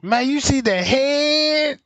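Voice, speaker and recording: A man doing casual reaction commentary on a stream, mocking and roasting with profane, loud jokes. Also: extremely high pitch, slow, no echo.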